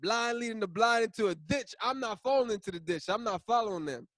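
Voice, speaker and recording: A man's voice: sits high, animated, brisk, fairly bright tone, no room sound, clean studio sound, voice pushed up. A man voicing a brash, zealous apostle who boasts in boisterous street talk. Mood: boastful.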